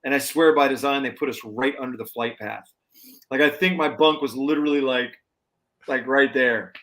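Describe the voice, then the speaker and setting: A man, a touring musician and podcast guest, tells road stories in a casual, animated way and acts out the people he quotes. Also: medium pitch, moderate pace, poor audio. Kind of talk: casual storytelling interview.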